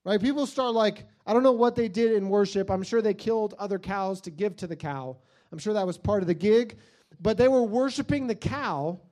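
A man with a high, light voice preaches a lively sermon. He talks casually and jokes as he goes, acting out the people in his stories with comic voices. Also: a little fast. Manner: animated storytelling, acts out silly voices; jokey, conversational preaching.

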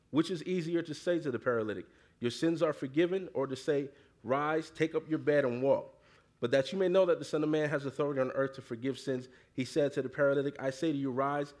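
A man delivers a relaxed, conversational sermon to a congregation, reading scripture and then riffing on it in slangy everyday talk. His voice sits slightly higher than most men's, and he keeps drawing the listeners in, asking them to call words back to him. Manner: conversational, slangy, frequent "you know", calls for congregation response. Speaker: preacher.

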